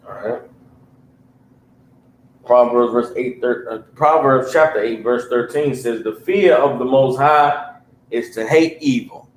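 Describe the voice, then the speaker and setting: A man's voice: medium pitch, a little slow. Male Bible teacher, mid-range voice, blunt and emphatic, livestream in a roomy space. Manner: emphatic, keeps asking listeners if they understand; blunt street-level talk. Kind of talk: preaching a livestreamed scripture class. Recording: roomy echo with faint hum.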